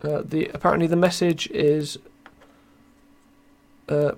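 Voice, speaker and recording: A man's voice: fairly high pitch, little pitch movement, a little slow, vocal fry, a little mellow, slight background noise. A young British man hosting a casual live podcast, rambling and self-mocking, tired with his voice wearing thin. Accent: British English. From Britain. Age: young adult. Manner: rambling, self-mocking, reads chat aloud. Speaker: podcast host.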